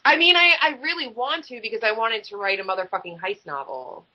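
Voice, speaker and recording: A woman's voice: a little high, fairly quick, pushed and bright. A woman, a guest author, chatting casually and animatedly on a podcast, swearing freely. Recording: slightly muffled recording.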